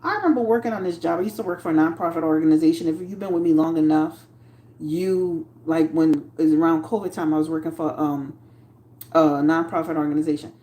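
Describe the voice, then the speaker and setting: A woman hosting a casual livestream, talking with emphatic, animated energy and swearing. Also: low voice, a little fast, echoey room. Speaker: tarot reader and livestream host.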